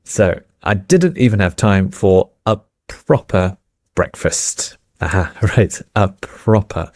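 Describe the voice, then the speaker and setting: A British man co-hosting a relaxed English lesson, his voice sitting fairly low. He unpacks phrases patiently with examples, and the sound is dry with no room echo. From England. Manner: explains phrases slowly with examples. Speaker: English teacher co-host. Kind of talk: casual teaching chat.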